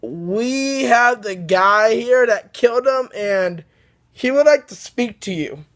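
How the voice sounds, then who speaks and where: A man's voice: very high voice, expressive, slow, fairly bright tone, full character voice. A man doing a nervous castle commander.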